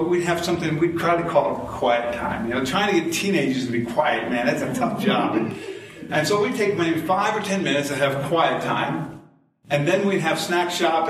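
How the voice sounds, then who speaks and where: Folksy preacher in an echoey church. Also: male voice, fairly high pitch, far from the mic. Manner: folksy storytelling, chuckles at own jokes. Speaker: pastor. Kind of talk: sermon. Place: church sanctuary. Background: congregation responses.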